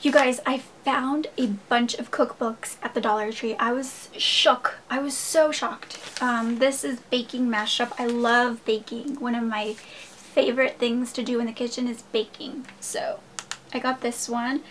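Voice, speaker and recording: A woman's voice: fairly high pitch, steady tone, a little slow, fairly bright tone. Gushing young woman vlogger, noisy room. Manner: gushing, enthusiastic, addresses viewers as "you guys". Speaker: haul vlogger. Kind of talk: casual chatty haul vlog.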